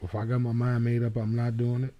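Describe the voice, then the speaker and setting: A man's voice: medium pitch, monotone, fast talker, dull audio. A man co-hosting a podcast, speaking in a blunt, matter-of-fact way during casual chat. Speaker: podcast co-host. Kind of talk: casual talk radio chat.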